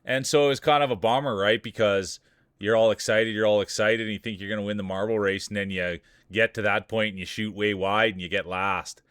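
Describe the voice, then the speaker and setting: Jokey low-voiced stream announcer man. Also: fairly quick, hardly any pauses, fairly bright tone, clear, resonant tone, dry recording, clean studio sound. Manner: playful, jokey announcer patter. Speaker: streamer hosting marble races. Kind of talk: live stream commentary.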